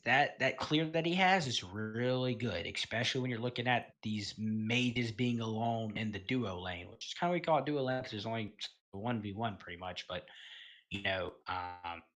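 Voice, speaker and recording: A man's voice: lowish voice, normal speed. A man giving casual, rambling commentary on a gaming tier list, full of fillers and self-corrections and the odd swear word. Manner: relaxed, offhand, occasional swearing.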